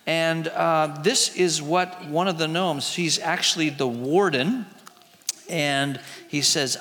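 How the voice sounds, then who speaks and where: Bright-voiced man retelling a storybook. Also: fairly high pitch, takes it slowly, in a large hall. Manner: chatty, asks the audience questions. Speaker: teacher retelling a book. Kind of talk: storytelling to a group with slides.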